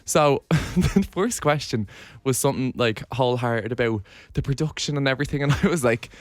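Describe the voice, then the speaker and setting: A young Irish man co-hosting a podcast, chatting in a lively way and laughing often. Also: medium pitch, normal speed, dry recording. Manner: lively, laughing, reads sponsor lines. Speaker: podcast co-host. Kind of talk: casual chat.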